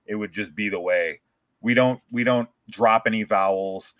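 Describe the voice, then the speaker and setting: A man's voice: lowish voice, steady tone, normal speed, fairly bright tone, no room sound. A man from California with a Californian American accent, co-hosting a casual, jokey chat. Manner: laid-back, jokey, laughs often. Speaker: podcast co-host.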